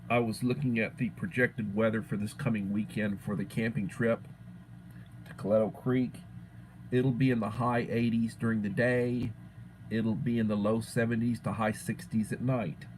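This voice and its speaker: A man's voice: fairly low pitch, fairly even intonation, moderate pace, a little hiss or hum, low-quality recording. A middle-aged man from Texas hosting a casual livestream chat, greeting viewers by name and repeating words as he thinks. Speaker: livestream host.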